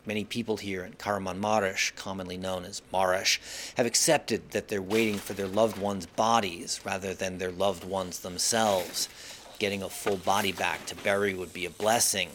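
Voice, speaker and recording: A male foreign correspondent narrating a scripted news report from the field in a measured, somber way. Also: low-pitched, steady tone, a bit bright, a little hiss or hum.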